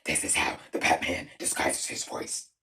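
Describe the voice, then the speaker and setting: A woman putting on a gruff, breathy, gravelly whisper-growl as a masked male vigilante, in a comic impression during a video review. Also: sharp tone, close to an everyday voice. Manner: low, rasping, deliberately disguised delivery.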